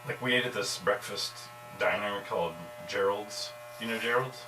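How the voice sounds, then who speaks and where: A man getting his hair cut, chatting in a relaxed storytelling way. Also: lowish voice, normal speed. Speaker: customer getting a haircut. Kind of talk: casual chat. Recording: echoey room, distant mic, electrical hum.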